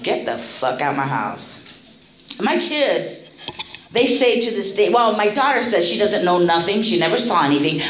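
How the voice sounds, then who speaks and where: A woman's voice: lowish voice, roomy sound, slight background noise, rough recording. Profane, laughing woman telling her story. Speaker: recovery meeting speaker. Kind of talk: candid storytelling share.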